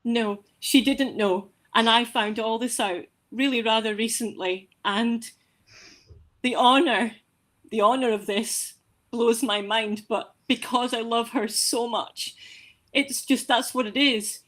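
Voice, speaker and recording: A woman from Scotland, a course graduate, speaking heartfelt and halting, repeating words as she talks over a video call. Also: fairly high pitch, steady tone, fairly bright tone. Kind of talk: emotional interview.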